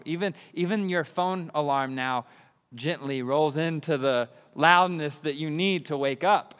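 A young adult man preaching a sermon, excitable and enthusiastic. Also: medium pitch, a little slow, smooth, long reverb tail. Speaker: pastor.

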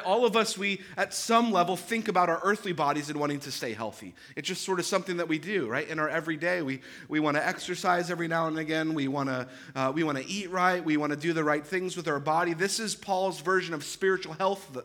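A man in his thirties delivering a sermon in a fairly high, bright, forward voice. He preaches with earnest, emphatic conviction, slipping into relaxed conversational asides and often restarting or repeating phrases as he builds a point. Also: quick pace, few pauses. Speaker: pastor.

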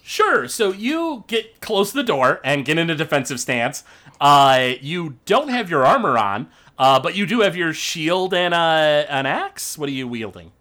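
A man's voice: a little high, unhurried. A man narrating as game master of a tabletop game, talking with many fillers. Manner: lively, hesitant narration with fillers.

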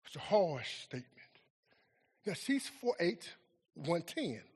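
A man preaches a sermon in a large hall with a long, ringing reverb. His slightly husky voice sits high for a man and rises and falls widely. He swings from booming, shouted lines down to hushed, near-whispered ones. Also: sing-song, takes it slowly. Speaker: pastor. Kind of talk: sermon with storytelling.

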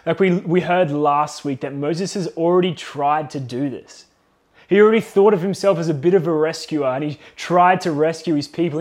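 Earnest young male preacher, fairly high voice. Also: a little mellow. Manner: conversational, earnest, often says "like". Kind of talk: sermon.

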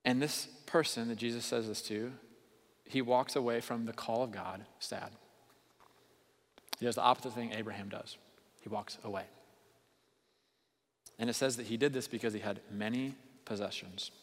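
A man preaching a sermon as pastor, earnest, moving between quiet intensity and raised emphasis. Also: mid-range voice, fairly even intonation, moderate pace, long pauses. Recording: long hall reverb.

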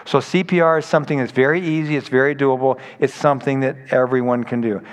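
A man's voice: medium pitch, steady tone, fast talker, clear, resonant tone. A man preaching a sermon in a conversational, storytelling way, acting out quoted people as he goes. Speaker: pastor. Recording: long hall reverb.

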